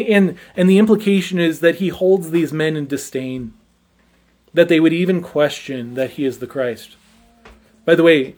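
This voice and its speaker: A man preaching an expository sermon, earnest and emphatic, often repeating his first words as he goes. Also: a little high. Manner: earnest, stammering repetitions, emphatic.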